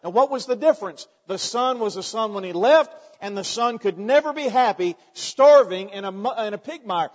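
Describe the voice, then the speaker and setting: Folksy male preacher, higher-pitched voice, dull muffled recording in a big echoing hall. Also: lively intonation, normal speed, hardly any pauses. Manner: folksy storytelling with frequent restarts. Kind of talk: sermon.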